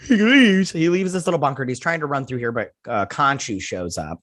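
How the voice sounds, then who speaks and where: A man's voice: mid-range voice, sing-song, fairly quick. A man, recapping and reviewing a TV episode in a loose, rambling, chatty way that often trails off. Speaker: host of a TV episode review channel.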